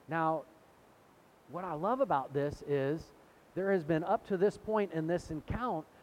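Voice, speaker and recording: A man's voice: on the high side, unhurried, muffled recording. A middle-aged man preaching a sermon in a conversational way, retelling scripture and acting out the quotes. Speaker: pastor.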